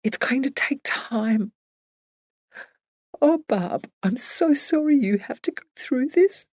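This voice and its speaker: A woman voicing a gentle female friend who soothes in a hushed, quiet voice. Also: a little high, normal speed, slightly rough, dry recording, clean studio sound, voice pushed up. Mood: soothing.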